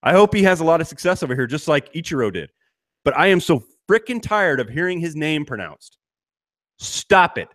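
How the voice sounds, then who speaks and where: A man's voice: a little high, very animated, fast talker, dry recording, clean studio sound. A middle-aged man co-hosting a sports podcast, ranting in an exasperated way and restarting his sentences often. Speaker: podcast co-host. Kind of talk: casual sports chat.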